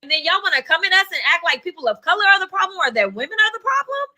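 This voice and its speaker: A woman's voice: extremely high pitch, big pitch swings, rapid-fire, pushed and bright. A woman giving a fiery dinner speech in a sassy, emphatic and profane way. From Texas. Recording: clip played back from a reverberant hall.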